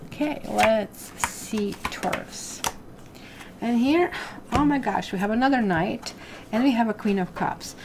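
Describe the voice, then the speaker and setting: A woman's voice: on the high side, moderate pace, background noise. A woman giving a casual tarot reading, talking straight to her viewers in a chatty way. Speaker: tarot reader.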